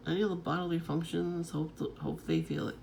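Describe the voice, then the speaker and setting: A vlogger rambles on in a loose, unscripted monologue, the voice deeply gravelly with constant fry. The delivery is profane and scattered, broken up by frequent chuckles, at a middling pitch. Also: very animated, brisk, darkish tone, a little hiss or hum.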